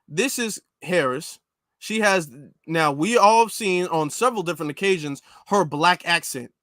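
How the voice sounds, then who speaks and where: A man with a fairly high voice gives reaction commentary on his channel, pressing each point and repeating it for emphasis. The sound is close and dry, with no room echo. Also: moderate pace, bright, forceful tone. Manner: emphatic and repetitive.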